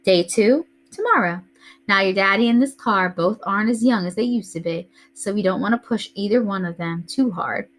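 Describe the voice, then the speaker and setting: A woman's voice: medium pitch, normal speed, fairly bright tone, natural voice. A woman reading aloud, voicing an organized mother who lists a road-trip plan step by step. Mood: businesslike. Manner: orderly, listing plans step by step. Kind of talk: reading a novel aloud to a class.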